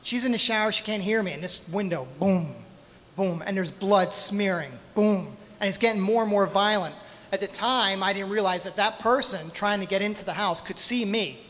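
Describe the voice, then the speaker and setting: A man performing a true story live on stage, dramatic, with pauses, spoken sound effects and self-deprecating humor. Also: high-pitched, fairly bright tone. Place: stage in a hall at a storytelling night. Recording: hall reverb, faint ambience.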